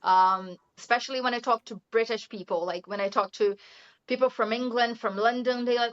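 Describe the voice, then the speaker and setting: Speaking English at normal speed in a casual interview, this Brazilian teacher, a native Portuguese speaker, has a steady, highish voice and sprinkles in "you know" and soft laughs. The recording's highs are cut off.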